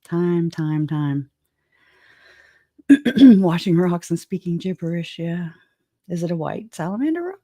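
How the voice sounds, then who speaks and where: Laughing low-voiced woman. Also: animated, unhurried, pauses often, darkish tone, no room sound, studio quality. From southwest Louisiana. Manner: chatty, laughs often, joking asides. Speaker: true-crime livestream host. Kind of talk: casual livestream commentary, greeting chat.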